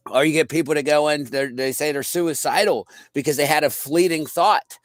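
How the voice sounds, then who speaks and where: A man's voice: a little high, fairly quick, dry recording, studio quality. A man from the US East Coast co-hosting a casual chat, making emphatic points and asking pointed questions. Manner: emphatic, questioning, laughs easily. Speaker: podcast co-host.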